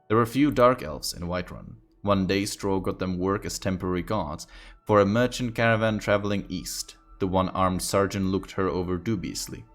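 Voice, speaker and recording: A man with a low voice reads a fantasy book aloud on a stream. His delivery is casual and offhand, and he drops in joking asides between passages. Soft music plays faintly under him. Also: normal speed. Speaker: streamer reading lore aloud. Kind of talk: casual reading with commentary.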